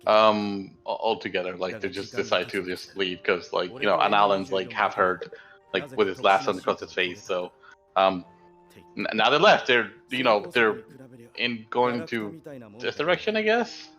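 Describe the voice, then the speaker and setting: A man's voice: fairly low pitch, normal speed, pushed and bright, soft background music. A man running a casual tabletop game as dungeon master, rambling with lots of fillers and frequent laughs.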